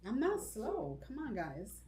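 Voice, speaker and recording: A woman's voice: on the high side, huge pitch swings, measured pace, dark tone, echoey room. A woman co-hosting a casual livestreamed podcast, chatty and repeating her greetings to viewers. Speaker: podcast co-host. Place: Kissimmee, Florida.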